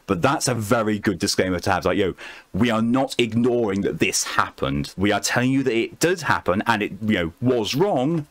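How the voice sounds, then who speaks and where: A man streaming a game late at night, chatting calmly with his chat and answering messages in a soothing tone. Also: fairly low pitch, normal speed, dry recording. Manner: calm, soothing voice meant to lull viewers to sleep.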